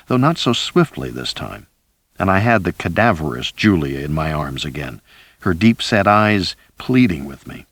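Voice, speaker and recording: A man reading a first-person thriller audiobook in a measured, dramatic way. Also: deep voice, fairly bright tone, dry recording. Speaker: audiobook narrator.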